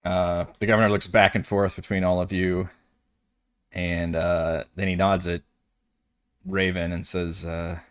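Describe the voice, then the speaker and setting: A man narrating a tabletop game as game master over a voice call, describing scenes slowly with many fillers. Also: low voice, little pitch movement, fairly bright tone. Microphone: headset or desk mic on a voice call.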